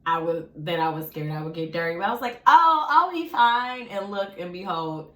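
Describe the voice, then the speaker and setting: A young woman chatting casually to her viewers while eating, animated and often laughing. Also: fairly low pitch, fairly quick. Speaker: vlogger. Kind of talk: casual mukbang chat. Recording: echoey room.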